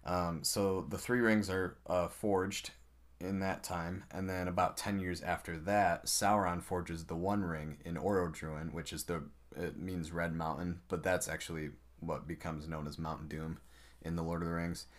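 Deep-voiced man explaining casually. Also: unhurried. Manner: relaxed, rambling explainer with fillers and playful jokes. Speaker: podcast co-host. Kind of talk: casual chat.

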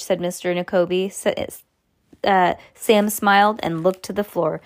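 Lady reading a kids chapter book out loud, super animated, big jumps up on the exciting bits. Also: measured pace. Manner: lively, animated, jumps high for exclamations. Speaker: storybook reader.

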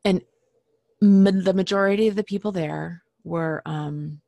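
A woman telling a personal story casually, halting often with fillers and restarts and clearing her throat now and then. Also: mid-range voice, dark tone, dry recording.

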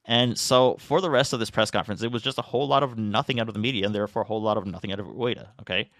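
A man's voice: fairly low pitch, very fast, a bit bright, no room sound, clean studio sound. A man hosting a market commentary, talking in a sarcastic, rambling way with lots of fillers and restarts. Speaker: market analyst host. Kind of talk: opinionated commentary monologue.

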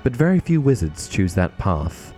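A man voicing a mournful, resigned old male ghost who speaks quietly. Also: on the low side, big pitch swings, moderate pace, faint music behind.

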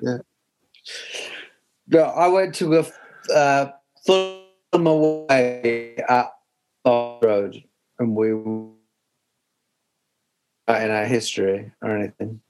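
A man's voice: mid-range voice, steady tone, takes it slowly, pauses often, darkish tone, faint music behind, rough recording. A man co-hosting a football podcast from a video call, chatting casually with a few hesitations. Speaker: podcast co-host. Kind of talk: casual chat.

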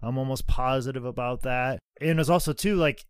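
A man co-hosting a wrestling podcast, talking in a casual, animated way with plenty of swearing and filler words. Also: mid-range voice, brisk, smooth, no echo. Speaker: podcast co-host.

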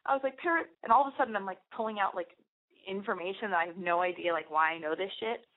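A woman's voice: fairly low pitch, fast talker. Young woman, podcast host, rambling confessional story, thin phone-like sound. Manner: rambling, confessional, heavy use of "like". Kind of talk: candid storytelling monologue. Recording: phone-like narrow band.

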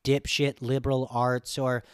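A man's voice: medium pitch, flat delivery, a little slow, clean tone, no echo, clean studio sound. A man hosting a podcast, talking bluntly in a profane, ranting casual chat. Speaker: podcast host.

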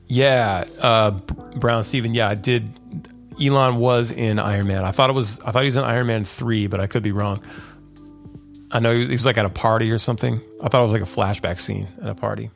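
A man's voice: lowish voice, fairly even intonation, brisk, gravelly, soft background music. A man hosting his podcast stream in a laid-back, rambling chat, dropping fillers and calling listeners "dude". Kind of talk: casual live-stream chat.

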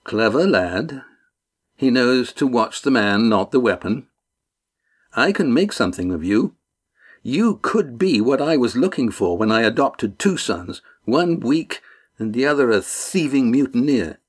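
Casting: man voicing a mocking, volatile villain captain in an audiobook, mid-pitched, smooth menace. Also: sing-song, measured pace. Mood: coaxing menace.

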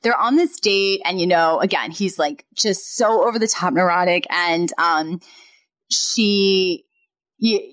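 A woman's voice: lowish voice, slow pace. A woman co-hosting a podcast, casually retelling a sitcom plot and acting out the characters' lines. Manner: lively storyteller, acts out characters' lines. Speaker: podcast co-host.

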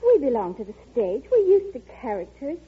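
An actress playing a gossipy young actress wife with a chatty manner in an old radio drama. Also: female voice, sits high, wildly swooping pitch, brisk, husky, heavily acted. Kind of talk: 1930s radio acting. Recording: dull old radio recording.

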